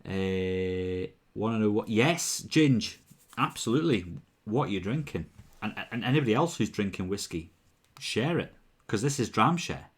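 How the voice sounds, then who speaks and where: A man hosting a casual livestream, rambling chattily and getting louder and higher when he greets viewers. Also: expressive, measured pace, breathy edge. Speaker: livestream host.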